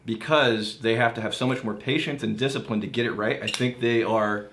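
A man's voice: mid-range voice, fairly quick, a bit bright, a little hiss or hum. A man hosting a whisky tasting show, chatting casually, joking and reading out viewer questions. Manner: jokey, reads out viewer questions.

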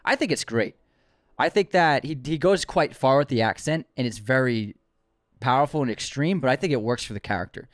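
A man's voice: medium pitch, animated, fairly quick, no room sound, studio quality. A man co-hosting a podcast in casual chat, talking with enthusiasm and teasing his partner. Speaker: podcast co-host.

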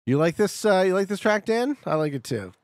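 A man streaming a geography game, chatting casually with his viewers and bursting out excitedly when he gets it right. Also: high voice, brisk, no room sound. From Canada. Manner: chatty, talks to chat, excitable outbursts. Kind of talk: casual live-stream commentary.

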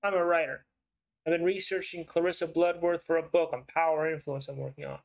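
A man voicing a shrewd, persuasive investigative writer in a story game, with a smooth, probing way of talking. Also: on the high side, little pitch movement, fast, poor audio.

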